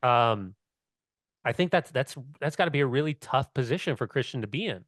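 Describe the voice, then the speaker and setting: A man's voice: mid-range voice, lively intonation, fairly quick, a bit bright, no echo, studio quality. A middle-aged man, a former player co-hosting a soccer podcast, telling long rambling stories packed with "like" and swearing. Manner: rambling, storytelling, heavy on "like" and swearing. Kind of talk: casual sports chat.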